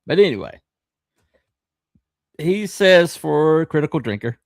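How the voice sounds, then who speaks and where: A man's voice: mid-range voice, expressive, no room sound. Middle-aged guy rambling on his stream, lots of uhs, dry close sound. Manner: rambling, halting, with frequent fillers and restarts; wry and sarcastic. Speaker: podcast host. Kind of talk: casual live-stream commentary.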